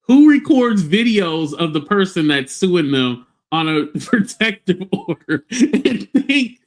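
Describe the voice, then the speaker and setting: A man's voice: high-pitched, very animated, slow. A man hosting a livestream, ranting bluntly and scornfully with plenty of profanity. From United States. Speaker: livestream host. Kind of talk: casual livestream rant.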